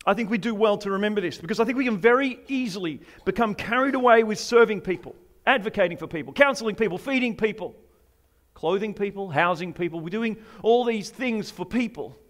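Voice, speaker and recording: Male preacher, high voice, jokey and conversational, throws questions at the congregation. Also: animated, a little fast. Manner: humorous, conversational, asks the audience questions. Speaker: pastor. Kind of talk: sermon.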